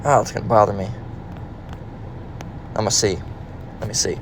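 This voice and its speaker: A man's voice: on the low side, moderate pace, background noise. A man preaching in a casual, emphatic, profane manner, reading scripture and rambling with restarts, recorded in a car. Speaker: religious teacher.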